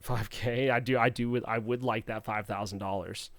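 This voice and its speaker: A man co-hosts a podcast and spins a playful, animated story. His voice is smooth and clean. The sound is dry, with no room around it. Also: fairly low pitch, dry recording. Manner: animated, playful, quotes others in quick bursts. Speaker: podcast co-host. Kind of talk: casual storytelling chat.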